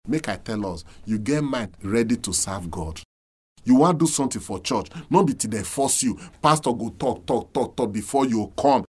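A man with a Nigerian accent preaching a radio sermon, with emphatic swings in pitch and loudness. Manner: emphatic preaching, sharp rises and drops in pitch and volume.

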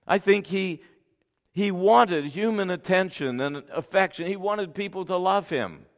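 A man preaching a sermon, reading scripture forcefully and then dropping to soft, tender asides. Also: high voice, a little slow. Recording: long hall reverb.

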